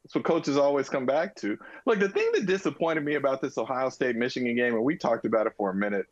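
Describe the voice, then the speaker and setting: A man's voice: mid-range voice, animated, fast, dry recording, highs cut off. A man co-hosting a casual sports talk show, arguing his points emphatically, almost like preaching. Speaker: co-host.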